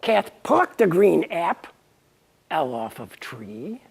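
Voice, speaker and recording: Woman, gravelly and husky, reading a pun-filled tale, slow and swooping. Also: lowish voice. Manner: playful, pun-laden, lively. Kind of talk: reading her own punning story aloud.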